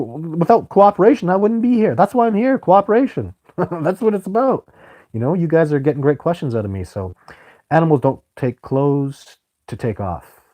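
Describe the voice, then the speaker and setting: A man's voice: medium pitch, warm tone. A man hosting a live stream, answering viewer questions in a rambling, enthusiastic way. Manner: rambling, enthusiastic, often exclaims. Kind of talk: live stream Q&A, casual chat.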